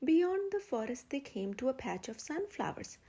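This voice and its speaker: A young woman reads a children's story aloud in a gentle, expressive way. Her voice sits high. She sounds like the host of a storytime channel. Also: moderate pace, slightly rough.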